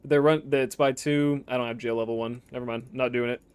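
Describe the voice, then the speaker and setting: A man streaming a game, talking loosely and swearing freely. His voice sits at an ordinary male pitch and often drops into low mutters mid-thought. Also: fairly even intonation, fairly quick, clean tone. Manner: rambling and profane, drifting into quiet mutters. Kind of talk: casual commentary while playing.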